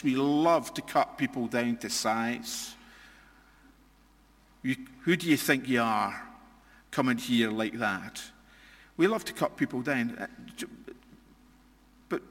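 A man's voice: mid-range voice, a bit bright, long reverb tail. A Scottish man preaching a sermon, earnest and emphatic, often repeating and restarting phrases as he builds a point. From Scotland.

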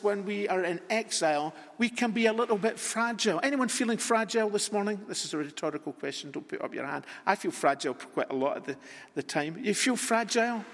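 A man preaching a sermon in a church, deliberate and repetitive, with long rhetorical pauses. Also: high-pitched, gravelly, fairly bright tone. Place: church sanctuary. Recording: long reverb in a large hall.

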